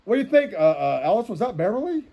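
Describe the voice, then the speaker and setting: A man's voice: high-pitched, sing-song, quick pace, creaky, background noise. A man joking his way through kids' cartoons, switching channels, humming theme tunes and breaking into bits of song. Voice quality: playful, jokey, breaks into sung bits and theme hums. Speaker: cartoon commentator. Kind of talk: joking channel-surfing commentary with snatches of song.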